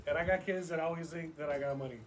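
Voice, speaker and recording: A man's voice: fairly high pitch, fairly even intonation, fast talker, background noise. A man co-hosting a podcast, bantering crudely in casual chat. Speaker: podcast co-host.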